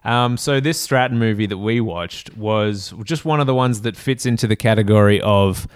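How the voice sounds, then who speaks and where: A man's voice: lowish voice, moderate pace, clear, resonant tone, no room sound. A man, co-hosting a casual movie review chat with a wry, dry humor. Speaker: podcast co-host.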